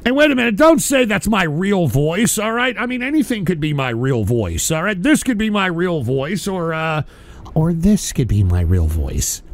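Brash, gravelly, animated male host. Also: high voice, normal speed, hardly any pauses. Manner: profane, brash, rambling. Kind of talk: casual live stream talk.

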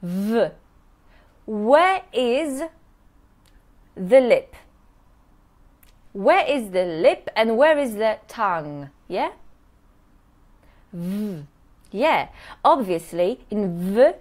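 A woman teaching English pronunciation in a live online workshop, modeling words slowly and checking in with "yes?" after nearly every point. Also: mid-range voice, very animated, a little mellow.

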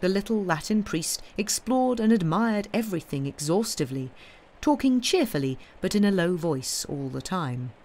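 A woman narrating classic fiction aloud in a measured storytelling manner. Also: lowish voice, animated, a little mellow. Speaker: audiobook reader.

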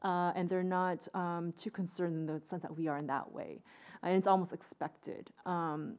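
A woman's voice: on the low side, fairly even intonation, moderate pace, darkish tone. A woman giving an analytical conference panel talk, thinking aloud with many fillers and restarts.

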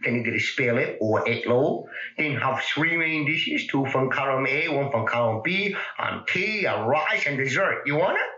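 Snappy yelling waiter, 50s sketch record, bright voice, scratchy and roomy playback. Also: male voice, medium pitch, animated, moderate pace, few pauses, lo-fi sound. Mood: exasperated. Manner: broad mocking put-on accent, yelling at customers. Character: impatient, snappish male restaurant waiter. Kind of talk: 1950s comedy sketch record. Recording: scratchy old record through camera mic.

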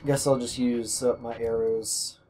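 A man talks through his own video game run in loose, casual commentary, cursing and grumbling whenever enemies give him trouble. His voice sits at an ordinary middle pitch. Game music plays clearly underneath him. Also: flat delivery, a little slow. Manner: grumbling, swears a lot at enemies. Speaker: gameplay commentator. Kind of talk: casual let's-play commentary.

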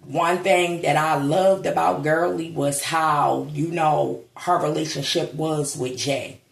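Slow, gravelly-voiced grieving woman. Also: deep voice, fairly even intonation. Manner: grieving, somber, blunt with swearing. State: holding back tears. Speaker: vlogger. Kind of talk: casual vlog monologue. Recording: echoey room.

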